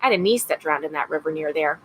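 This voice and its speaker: A woman's voice: sits low, lively intonation, fast talker, a little hiss or hum, poor audio. A woman reading as a Rochester mother. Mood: wistful. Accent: Rochester, upstate New York (imitated). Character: working-class mother from upstate New York. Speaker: podcast co-host.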